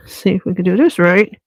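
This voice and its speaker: A woman's voice: fairly high pitch, darkish tone, breathy edge, no echo. Chatty woman, dry close mic. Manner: chatty, swears freely, talks straight to viewers. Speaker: beauty channel host. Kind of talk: casual livestream chat. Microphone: clip-on mic.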